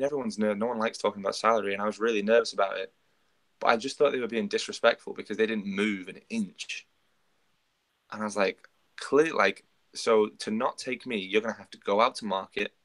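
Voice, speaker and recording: In an easygoing podcast chat, the male co-host tells a quick story in a low, unvaried voice, dramatizing the lines people said.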